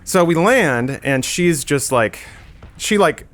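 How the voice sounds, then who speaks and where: A man's voice: fairly high pitch, expressive, slow pace, a bit bright. A man on a casual podcast, animatedly telling a story and acting out the people in it. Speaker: podcast regular.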